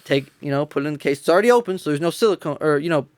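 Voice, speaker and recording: A man's voice: a little high, expressive, rapid-fire, dry recording, clean studio sound. A young man co-hosting a podcast, telling a rambling, profane story and laughing as he goes. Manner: profane, laughs a lot while telling stories. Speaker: podcast co-host. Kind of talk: casual storytelling.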